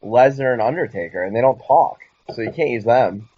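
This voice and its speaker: A man co-hosting a casual wrestling podcast, rambling and excitable, sometimes mocking others in a squeaky voice. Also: a little fast, husky, no echo. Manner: rambling, excitable, mocking high-pitched impressions. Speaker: podcast co-host. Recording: dull lo-fi dry sound.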